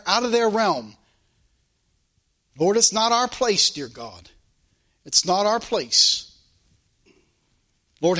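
A man's voice: sits high, pushed and bright. A man preaching a sermon and leading a closing prayer, with a fervent, repetitive preaching cadence. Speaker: pastor.

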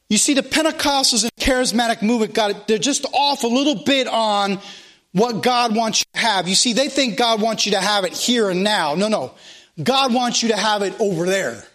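A middle-aged male pastor preaching a sermon in church, emphatic and repetitive, slowing and rising at his climaxes. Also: sits high, fairly bright tone. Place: church sanctuary.

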